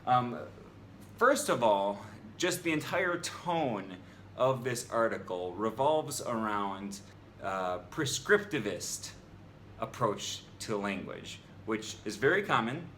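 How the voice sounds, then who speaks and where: A man talks through an argumentative rebuttal in a casual vlog, sounding exasperated and filling pauses with ums. His pitch sits in a middle register but swings widely as he makes his points. A faint hum of room noise sits underneath him. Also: lively intonation, fairly bright tone. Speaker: language vlogger.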